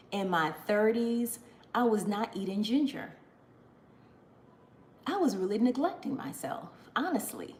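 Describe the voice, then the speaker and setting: Her medium-pitched voice is a bit bright as this woman in her forties chats casually to camera for her vlog, gushing and often exclaiming emotionally. Faint ambience hangs in the echoey room.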